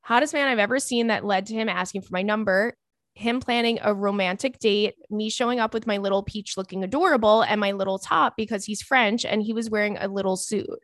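A woman's voice: mid-range voice, fairly quick, no room sound. Chatty, playful woman podcast host. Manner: animated, playful, chatty slang. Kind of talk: reading and reacting to listener email.

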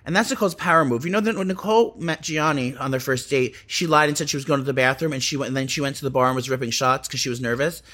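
A man gabbing on a casual podcast as co-host, his words tumbling out quickly in a gossipy, chatty flow. His voice sits in an ordinary middle range. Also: medium pitch, steady tone, pushed and bright.

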